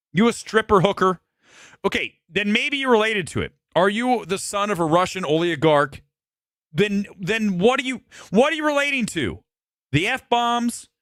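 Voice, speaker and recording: Man, host, slightly hoarse, lively swooping pitch, profane ranting opinions. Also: no echo, studio quality. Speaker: movie talk show host. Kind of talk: live show, ranting opinion.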